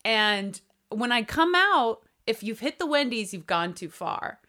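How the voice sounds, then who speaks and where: A woman's voice: fairly high pitch, sing-song, a little slow, bright, forceful tone. A woman co-hosting a podcast, telling a rambling, laugh-filled story in casual chat, swearing freely. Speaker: podcast co-host.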